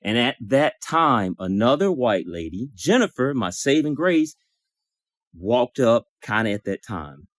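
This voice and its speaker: A man in a support circle telling an emotional personal story, acting out the dialogue in lively bursts and swearing now and then. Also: mid-range voice, a little slow, no room sound, clean studio sound. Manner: animated, acts out dialogue, swears.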